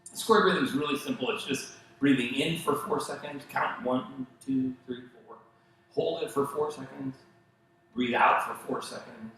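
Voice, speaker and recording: A male pastor preaching a sermon, telling stories in an animated way and acting out the voices of the people he quotes. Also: medium pitch, normal speed, heavy reverb, a little hiss or hum, low-quality recording. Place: church sanctuary.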